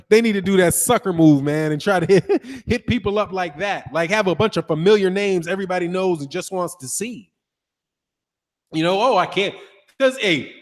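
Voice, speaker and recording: A man's voice: high-pitched, long reverb tail. A man hosting a casual boxing livestream, reading viewer comments, laughing often and throwing in slang like "dog" and "man". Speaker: boxing channel host.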